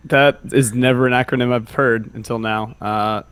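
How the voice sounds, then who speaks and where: A man's voice: mid-range voice, steady tone, normal speed, a bit bright, clean tone, no room sound. A man co-hosts a casual gaming podcast, his voice tired and worn. He rambles with plenty of "like"s, recorded close and dry with no room sound. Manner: rambling, filler-heavy. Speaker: podcast co-host.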